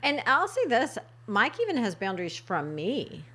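A middle-aged woman co-hosting a casual faith podcast, reflective and quick to affirm the others. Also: on the high side, wildly swooping pitch, sharp tone, slightly rough. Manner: frequent affirming interjections, reflective. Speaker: podcast co-host.

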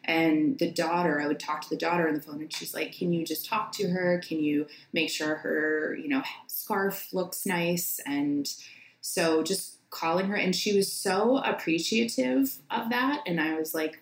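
A woman in her thirties, a nurse practitioner and podcast guest, speaking heartfelt and halting with many restarts. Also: sits low, reverberant, rough recording. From United States. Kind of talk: casual conversation.

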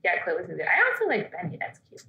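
A woman's voice: on the low side, huge pitch swings, fast, vocal fry, roomy sound, muffled recording. A woman co-hosting a podcast, chatting casually and telling stories with quoted asides. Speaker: podcast co-host. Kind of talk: casual chat.

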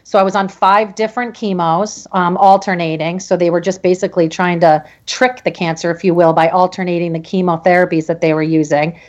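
A woman guest telling her own story in halting speech, with many restarts and fillers. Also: on the low side, level tone, a little mellow, lo-fi sound. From Connecticut. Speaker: podcast guest. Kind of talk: emotional personal story.

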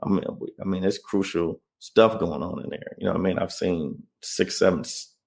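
Interview guest: a deep, gravelly man recounting his story earnestly. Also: normal speed. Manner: earnest, keeps asking "you know what I mean?". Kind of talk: emotional personal storytelling.

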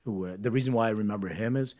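Middle-aged man, low voice, candid rambling storyteller, casual podcast chat. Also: racing, a little mellow. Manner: candid and rambling, swears freely.

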